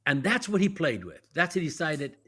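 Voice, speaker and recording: A man's voice: fairly high pitch, a little fast, breathy edge. A man who is a guest actor and professor, explaining verse in a teacherly way, step by step, in a podcast conversation. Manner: teacherly, lively, walks through examples step by step.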